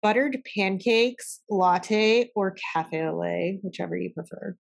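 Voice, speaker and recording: A woman co-hosting a casual podcast, chatting easily with a friend. She talks freely and drops the odd swear word along the way. Her pitch sits in a normal middle range. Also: unhurried, vocal fry. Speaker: podcast co-host. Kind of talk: casual chat.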